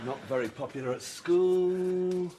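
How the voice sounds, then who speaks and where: In a sitcom, an actor plays a clownish young-adult best man who rambles from one silly joke and goofy aside to the next. His voice is high-pitched and measured in pace, and the TV recording has heavy background noise with loud audience laughter.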